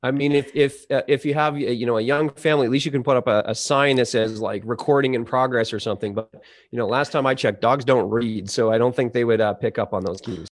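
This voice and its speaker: This fast-talking man with a mid-range voice is the CEO of a voice-over marketplace, appearing as a guest in a conversational interview. Chatty and long-winded, he keeps using fillers and restarting sentences, and he sounds like a trained audio engineer.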